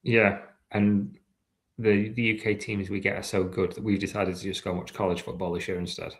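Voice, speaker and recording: A man, co-hosting a sports podcast with a dry, measured delivery. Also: deep voice, level tone. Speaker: podcast co-host. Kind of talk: casual chat.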